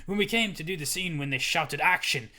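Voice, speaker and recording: A man voicing an excitable male Scottish actor, performing a hammy put-on Scottish accent. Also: on the high side, a little fast, pitched above the performer's own voice. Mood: excited.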